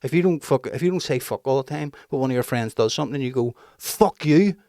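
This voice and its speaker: Swearing dad, dry sound. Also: male voice, mid-range voice, very fast, dry recording. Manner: swears freely, animated storytelling. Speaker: podcast co-host. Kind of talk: casual chat.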